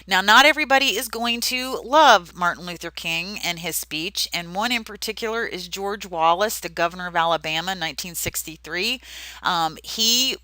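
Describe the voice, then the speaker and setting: Woman teacher, slightly low, bright forceful tone, chatty and emphatic, dry close sound. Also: moderate pace, dry recording, low-quality recording. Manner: conversational and emphatic, with fillers and repeats. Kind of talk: recorded history lecture over slides.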